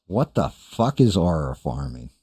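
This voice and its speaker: Older male streamer host, deep mellow voice, crude and self-mocking, off-the-cuff chat. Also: sing-song, unhurried, breathy edge, dry recording, clean studio sound. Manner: profane, rambling, self-deprecating. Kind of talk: casual chat reading live chat.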